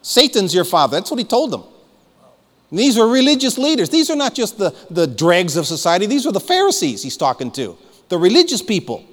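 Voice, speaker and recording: A man's voice: high-pitched, wildly swooping pitch, a little fast, fairly bright tone. Fervent preacher man, hall reverb. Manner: fervent, emphatic preaching with repeated calls to listen. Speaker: pastor. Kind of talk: sermon.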